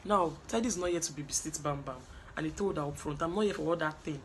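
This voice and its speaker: A woman's voice: deep voice, fast talker, slight background noise. A young Nigerian woman with a gossipy, chatty manner, recapping a reality show and acting out what the contestants said. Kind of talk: animated casual recap with acted quotes.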